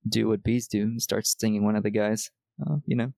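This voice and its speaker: Gravelly American man recapping a film. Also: on the low side, little pitch movement, brisk, warm tone, no room sound. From United States. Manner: rambling, laughs often, swears casually. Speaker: podcast co-host. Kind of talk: casual movie recap chat.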